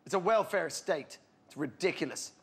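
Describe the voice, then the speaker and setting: A man's voice: on the high side, expressive, moderate pace, a bit bright. An Irish man on a comedy panel, teasing and sardonic in his banter.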